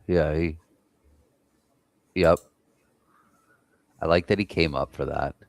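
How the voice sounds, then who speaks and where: A man's voice: rumbling low, steady tone, slow pace, gravelly. An American man hosting a live trading stream, chatting casually and swearing freely while reading the chat. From United States. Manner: loose, profane, chatting with viewers.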